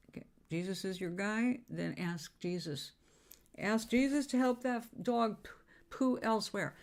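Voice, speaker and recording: A woman's voice: medium pitch, a little mellow. A woman giving a casual self-help talk, chatty and informal, with fillers and the odd swear word.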